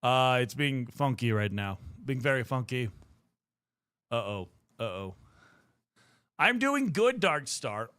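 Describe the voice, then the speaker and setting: In a dry recording, a young male streamer addresses his chat in a playful, casual way while mildly out of breath. His medium-pitched voice is very animated yet slow, with long pauses and a clear, resonant, slightly bright tone.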